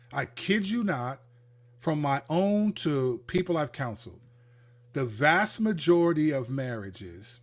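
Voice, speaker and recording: A man with a slightly high voice hosts a livestreamed Christian teaching talk. He speaks in a lively, conversational way and slips into quoted voices as he talks. His delivery is direct and addresses the viewer. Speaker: host, Christian counselor.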